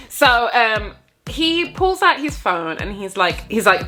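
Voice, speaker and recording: A young woman telling a storytime straight to her viewers in a casual vlog, animated and jokey. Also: mid-range voice, a little fast, soft background music.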